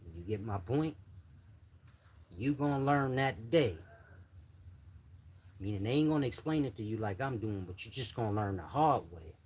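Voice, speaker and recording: An older man lectures his viewers in blunt street slang. His voice sits low. Crickets and insects chirp faintly in the background. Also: animated, normal speed, pauses often, darkish tone, slight background noise. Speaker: channel host giving advice. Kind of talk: casual monologue to viewers.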